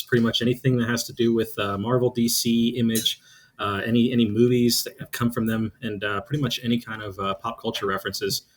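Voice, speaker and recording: An easygoing man in his late twenties speaks as a podcast guest. He talks in a halting, casual way and keeps stopping on "uh". His voice sits at an average pitch. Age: late 20s. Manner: halting, easygoing, with many filler "uh"s.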